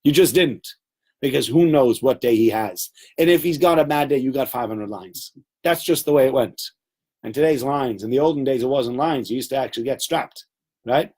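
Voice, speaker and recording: A man's voice: medium pitch, normal speed, a little mellow, husky. A man giving a Torah lesson to a class, telling stories with animation and acting out quotes. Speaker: Torah teacher.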